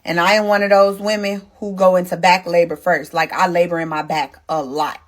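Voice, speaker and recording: A woman vlogger narrating a personal story to her viewers in a casual, emotional, animated way, often talking to them directly. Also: fairly low pitch, a little fast.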